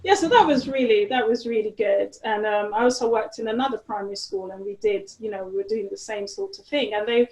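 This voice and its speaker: A woman's voice: mid-range voice, fairly quick, vocal fry, hardly any pauses, darkish tone. A woman, a guest in an interview, talking casually with lots of fillers and restarts. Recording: roomy echo.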